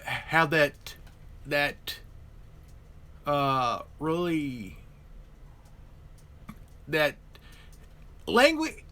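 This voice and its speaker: A man's voice: high-pitched, sharp tone. A man hosting a live stream, chatting casually about politics and stumbling over repeated words and restarts.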